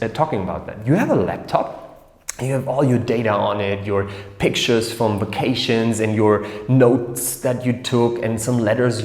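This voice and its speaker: A man talks through an explainer with an animated, swinging pitch, acting out small scenes as he goes. His voice rings in a roomy space with a long, trailing reverb. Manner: animated, acts out little scenes in different voices. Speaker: explainer host of an educational series. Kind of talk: casual explainer talk to camera. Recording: echoey room with long reverb.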